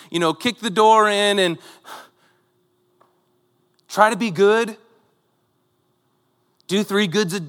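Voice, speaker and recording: A man's voice: sits high, fairly bright tone, long reverb tail. Man preaching a conversational sermon. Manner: conversational preaching with rhetorical asides. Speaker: pastor.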